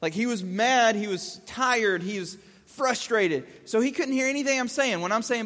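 High-voiced man teaching the Bible. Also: lively intonation, moderate pace, few pauses, a bit bright, long reverb tail. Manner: casual, asks rhetorical questions, restates points in plain words.

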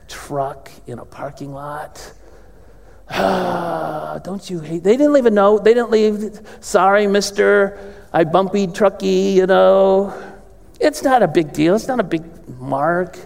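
A man preaching a sermon in a large church, his voice high with a rough, gravelly edge. He tells the story by acting out the characters' lines, swinging from quiet asides to loud outbursts. The sound carries a long reverb from the hall. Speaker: pastor. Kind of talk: sermon with acted-out Bible dialogue.

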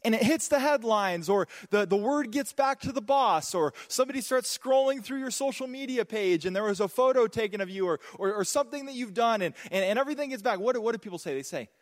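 Guy pastor preaching, jokey and lively, kinda higher voice. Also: quick pace, few pauses, big-room sound. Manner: animated, joking, storytelling. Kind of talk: sermon.

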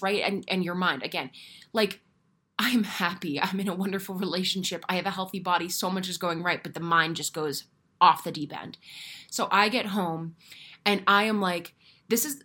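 A young adult woman hosting a podcast, telling a personal story in a candid, animated way with casual swearing. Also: fairly low pitch. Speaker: podcast host. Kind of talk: casual solo podcast monologue.

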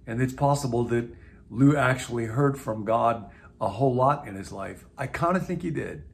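An older man from the Midwest who speaks as a pastor, reflective and unhurried in tone. He talks to camera in a musing, conversational way and drops in gentle asides. His voice sits at an ordinary middle pitch. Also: gravelly. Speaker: pastor and teacher. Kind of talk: reflective talk to camera in a video series.

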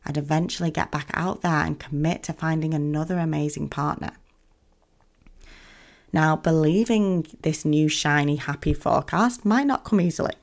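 A woman hosting a self-help podcast, talking in a gentle, soothing coaching manner. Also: low voice, creaky. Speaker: podcast host.

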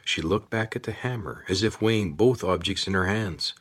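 A man narrates an audiobook in a steady, measured way. His voice sits very low, with a husky, slightly rough edge. He keeps an even storytelling pace.

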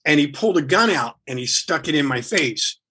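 Husky-voiced man telling a wild story. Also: a little high, brisk. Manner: animated, rambling with restarts. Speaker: guest musician. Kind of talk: casual storytelling, swearing freely.

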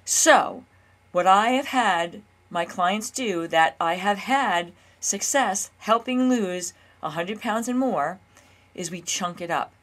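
A woman's voice: mid-range voice, lively intonation, slow pace, a bit bright. A woman coaching listeners in a casual monologue, chatty, often checking in with "okay?" and fillers. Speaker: weight loss coach and podcast host.

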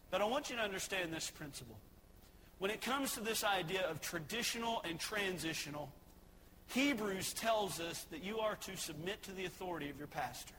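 A male pastor preaching in a church with a long reverb trailing each phrase and a faint hiss behind. His voice sits high and bright, and he mixes plain teaching with homespun, joking stories. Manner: folksy, joking storytelling between points. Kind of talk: sermon. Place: church sanctuary.

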